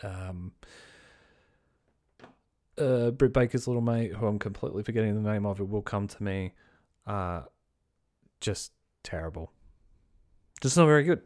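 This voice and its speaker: A man's voice: lowish voice, lively intonation, unhurried, pauses often, a little mellow. A man hosting a podcast, giving blunt, rambling opinions with frequent swearing and restarts. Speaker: podcast host. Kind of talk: casual opinion commentary.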